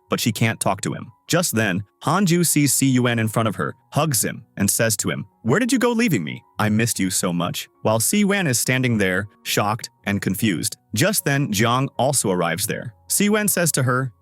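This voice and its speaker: A man narrating a drama recap in a steady scripted storytelling manner, close to the mic. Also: mid-range voice, dry recording. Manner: steady storytelling with connective phrases.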